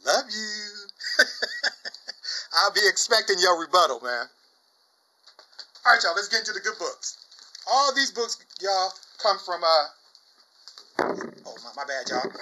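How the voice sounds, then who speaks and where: A young man chatting casually about his comic book finds, exuberant, saying "y'all" often and bursting into loud shouts and laughs. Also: sits high, lively intonation, measured pace, pauses often, a little hiss or hum, low-quality recording. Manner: exuberant, says "y'all" a lot. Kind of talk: casual chat.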